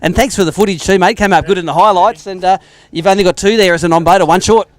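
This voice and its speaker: A man's voice: high-pitched, steady tone, fast. An Australian man hosting a live fishing weigh-in outdoors, joking and bantering with the anglers as he reads out the weights. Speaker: tournament weigh-in host. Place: outdoor lakeside weigh-in stage.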